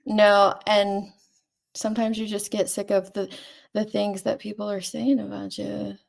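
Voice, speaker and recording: A woman's voice: medium pitch, little pitch movement, a little slow, vocal fry. A woman hosting a casual commentary chat, talking loosely and laughing often. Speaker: host.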